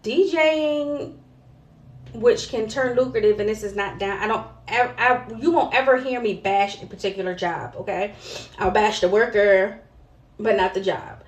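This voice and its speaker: A woman's voice: medium pitch, moderate pace. A woman hosting her own vlog, talking straight to camera in a blunt, heavily profane monologue with emphatic asides to viewers. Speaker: vlog host. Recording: roomy echo.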